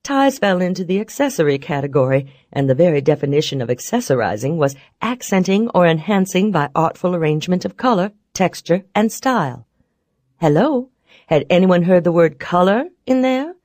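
A woman narrating a first-person story in a wry, expressive way. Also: on the low side, normal speed, dry recording, clean studio sound. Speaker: audiobook narrator.

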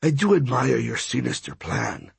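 A man voicing a smug, menacing male god of death, talking in a silky, mocking, pompous way, lower and softer than his reading voice. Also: wildly swooping pitch, normal speed, creaky, slightly rough, no room sound, full character voice.

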